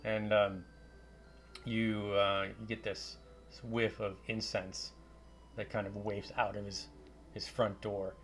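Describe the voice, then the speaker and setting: A man narrating a tabletop game as game master, halting, with many fillers and restarts. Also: lowish voice, flat delivery, soft background music.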